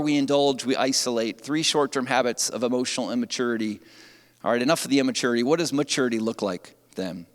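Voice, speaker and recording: A man preaching a sermon as pastor, animated and conversational. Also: mid-range voice. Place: church sanctuary. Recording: long church reverb.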